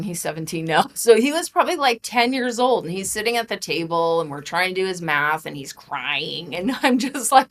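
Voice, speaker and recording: A woman talking as a podcast guest, chatty and animated, with lots of "like" and quick laughs. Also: mid-range voice. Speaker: podcast guest, holistic practitioner and author. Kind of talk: casual interview chat.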